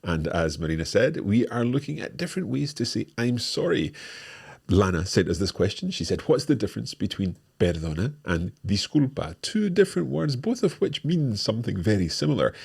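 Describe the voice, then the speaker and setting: Male teacher-host, deep and husky, lively up-and-down delivery, repeats phrases for learners. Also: a little fast. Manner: repeats and stresses each phrase clearly. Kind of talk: explaining a language lesson.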